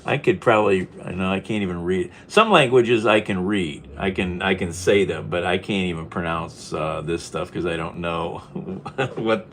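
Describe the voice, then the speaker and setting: A man's voice: sits low, normal speed, hardly any pauses, fairly bright tone, slight background noise. A man chatting casually and rambling as he chops onions in his home kitchen, chuckling to himself. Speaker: vlogger. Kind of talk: casual cooking vlog.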